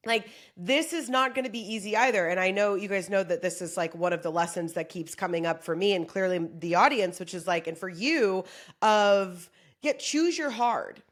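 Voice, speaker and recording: A woman's voice: mid-range voice, normal speed. A woman comedian delivering a casual motivational monologue, joking and swearing freely as she talks. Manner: profane, joking, animated. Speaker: comedian giving a pep talk.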